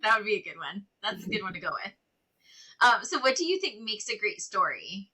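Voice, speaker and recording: A woman's voice: mid-range voice, very animated, fairly quick, bright, forceful tone, breathy edge, low-quality recording. A woman podcast host asking questions in casual interview chat, enthusiastic and encouraging.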